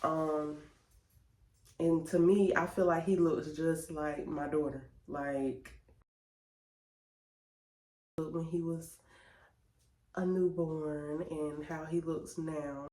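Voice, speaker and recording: A woman telling a chatty, animated story to her viewers. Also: low voice, drawn-out words, pauses often. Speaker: vlogger. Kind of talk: casual storytelling vlog. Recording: roomy echo.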